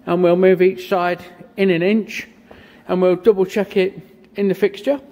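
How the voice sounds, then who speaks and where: High-voiced, blunt, swearing workshop man. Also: little pitch movement, moderate pace, dark tone. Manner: chatty and blunt, swears freely. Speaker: custom motorcycle builder and tattooist. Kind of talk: casual workshop commentary.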